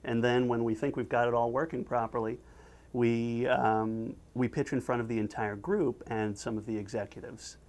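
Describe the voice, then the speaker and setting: A man working as a storyboard artist, explaining in a behind-the-scenes interview, talking in an expressive way. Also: medium pitch, normal speed.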